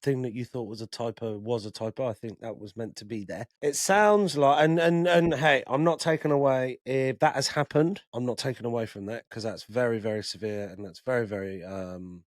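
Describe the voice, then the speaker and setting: A man's voice: medium pitch, normal speed, hardly any pauses, dry recording, studio quality. A man co-hosting a podcast, chatting casually and bluntly, swearing freely. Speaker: podcast co-host. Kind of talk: casual chat.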